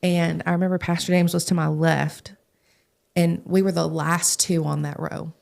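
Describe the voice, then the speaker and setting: A young adult woman, a young adult pastor, telling stories in a podcast interview, animated and acting out the voices of the people she quotes. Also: lowish voice, normal speed, creaky. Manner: animated, acts out quoted voices, laughs often. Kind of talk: casual storytelling in a podcast interview.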